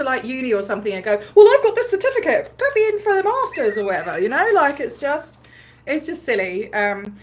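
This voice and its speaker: A woman casually telling a story on a livestream, animated, laughing often, with many ums and likes as she acts out what others said. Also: medium pitch. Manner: acts out other people's lines while retelling. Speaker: livestream host recounting a protest.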